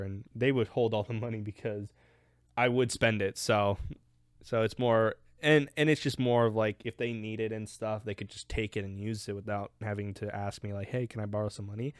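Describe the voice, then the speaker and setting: Teen guy chatting casual q&a, kinda low voice, keeps restarting, dry mic. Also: clean tone, no echo. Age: teens. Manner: rambling, laughs often, many restarts. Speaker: channel host answering questions. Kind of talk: casual chat.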